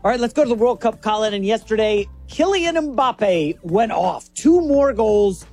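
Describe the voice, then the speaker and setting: A co-host on a sports talk show, chatty and animated, setting up topics. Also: medium pitch, husky, soft background music. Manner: chatty, animated, quick asides.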